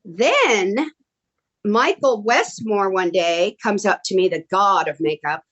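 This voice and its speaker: A middle-aged woman telling stories in a casual interview, animated and excitable, acting out quoted dialogue. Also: medium pitch, slow pace, highs cut off. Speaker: guest actress. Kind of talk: casual storytelling.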